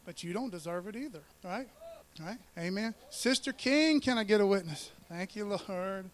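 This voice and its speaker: A man with a high-pitched voice preaches in a relaxed, conversational way. He peppers the scripture reading with slang, jokes and asides to the people in front of him. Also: normal speed. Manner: animated, joking asides, slangy. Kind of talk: casual conversational sermon.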